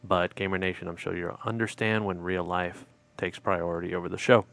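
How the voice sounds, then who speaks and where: A man co-hosting a gaming podcast in a relaxed, easygoing manner. His voice sits fairly low and sounds dry and close. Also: a little fast, gravelly, no room sound. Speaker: podcast co-host. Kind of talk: casual gaming podcast chat.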